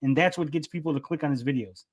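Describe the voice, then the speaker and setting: A man's voice: fairly high pitch, fast. A man arguing heatedly and insistently, often interrupting and repeating himself. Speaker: debater. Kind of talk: heated argument.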